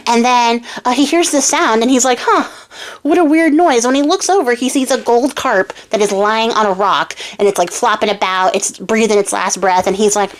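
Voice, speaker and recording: A woman's voice: on the high side, normal speed, few pauses. A young woman casually retelling a fairy tale in a chatty, slangy way, laughing often. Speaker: YouTube storyteller.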